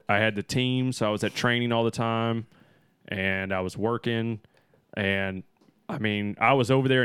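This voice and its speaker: A young man telling stories in relaxed casual chat, full of fillers. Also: on the low side, smooth, dry recording, clean studio sound.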